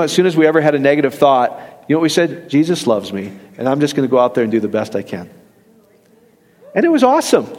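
A man preaching a sermon in a lively, conversational way, acting out quoted voices as he talks to his congregation during a church service. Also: on the high side, long reverb tail. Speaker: pastor.

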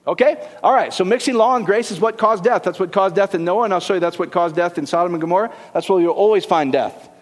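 A middle-aged man preaching with a fairly high voice, his words ringing out in a hall with a long reverb. He jokes and keeps throwing questions back at his congregation. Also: fast, few pauses. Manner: lively, joking, rhetorical questions to the congregation. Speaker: pastor. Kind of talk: sermon.

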